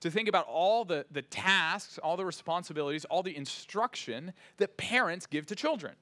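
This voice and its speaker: Man, pastor, sermon, bright forceful voice, emphatic, earnest. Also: high voice, expressive, moderate pace. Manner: earnest, emphatic preaching with frequent "uh" and "right?".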